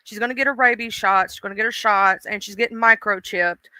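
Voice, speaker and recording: A woman's voice: mid-range voice, steady tone, fast, bright, forceful tone, dry recording. A woman hosting a casual livestream, chatting emotionally and greeting viewers in chat by name. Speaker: livestream host.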